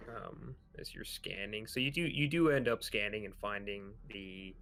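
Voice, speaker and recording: Gravelly low-voiced game master. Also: male voice, normal speed. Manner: relaxed, many "um"s. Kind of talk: narrating a tabletop game.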